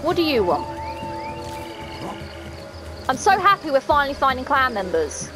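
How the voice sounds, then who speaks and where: Excitable high-voiced woman gaming. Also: normal speed, long pauses. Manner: excitable, gasping, talks to the game characters. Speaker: gaming video host. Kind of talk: casual let's-play commentary. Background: game music.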